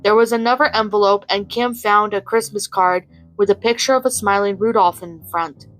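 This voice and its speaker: A woman narrating a fan fiction story in an even, unhurried way, with small slips now and then. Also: mid-range voice, soft background music, rough recording.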